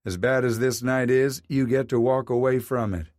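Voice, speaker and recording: A man voicing a calm federal marshal who speaks in a steady, matter-of-fact way. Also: mid-range voice, moderate pace, dry recording, studio quality, lightly acted. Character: calm, dry-humored male federal marshal.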